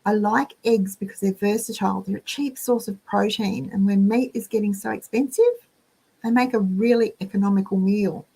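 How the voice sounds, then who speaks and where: The host is an Australian woman whose mid-range voice is creaky, mellow, and husky, with a steady tone at normal speed. In a casual chat she rambles chattily through everyday stories, making asides to the listener.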